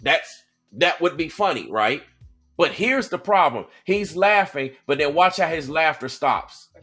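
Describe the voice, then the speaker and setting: A man hosting a casual reaction video, talking straight to his viewers in an animated way. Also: a little high, unhurried, breathy edge, faint music behind.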